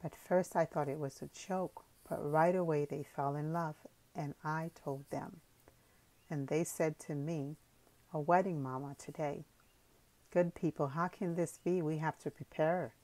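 A woman's voice: sits low, a little slow, dry recording, rough recording. A woman voicing an emotional, talkative village mother in an audiobook. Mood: chattering. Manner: excited, chattering, rambling.

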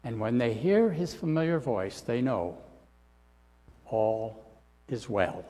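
A male pastor preaching a sermon in a dramatic style, often sinking to soft, low endings. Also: big pitch swings, slow, long reverb tail. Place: church sanctuary.

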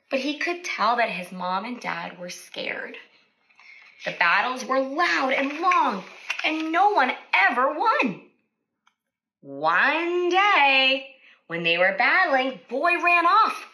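A woman speech-language therapist reading a picture book aloud to children, animated and stopping to ask questions. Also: sits high, takes it slowly, low-quality recording.

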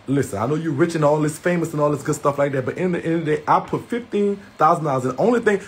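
A man's voice: fairly high pitch, slightly rough. A man ranting angrily to his viewers, heated, repetitive and confrontational. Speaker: livestreamer. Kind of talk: angry profane rant to viewers.

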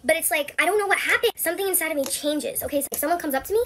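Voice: very high voice, rapid-fire, heavy background noise. A synthetic text-to-speech voice telling a chatty, confessional storytime.

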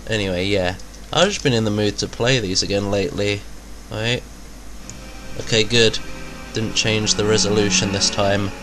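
A man's voice: fairly low pitch, steady tone, moderate pace, music in the background. A man with a cold and a slightly nasal voice, chatting casually and joking through a let's-play. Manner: chatty, joking, exclaiming at the game. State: has a cold, a bit nasal. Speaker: gaming video host.

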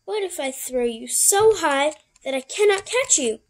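A woman's voice: high voice, lively intonation, measured pace, pitched above the performer's own voice. A woman voicing a cautious, fearful father cat in a picture book.

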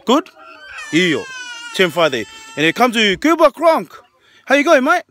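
A man hosting a family vlog, interviewing players and calling a pretend match like an excited live sports commentator. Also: very high voice, measured pace. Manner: excited interviewer, shouts chants and play-by-play.

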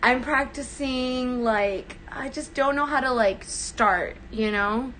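A woman's voice: high voice, slow pace, pushed and bright, a little hiss or hum, poor audio. A young woman chatting casually on a livestream, giggly and self-conscious as she practices a character. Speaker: livestream host.

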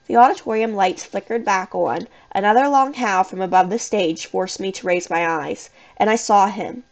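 A woman narrating a children's scary story in the first person, with an expressive, suspenseful reading. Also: mid-range voice, moderate pace, low-quality recording. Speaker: audiobook reader.

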